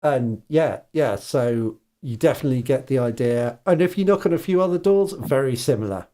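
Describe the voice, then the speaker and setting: A man running a tabletop game as game master, narrating in an unhurried, hesitant way with frequent laughs. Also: medium pitch, animated, warm tone.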